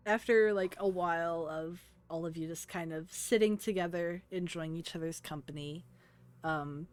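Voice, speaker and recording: A woman's voice: on the low side, clean tone. A woman from the American South narrating as game master, with lots of fillers. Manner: slow, filler-heavy narration.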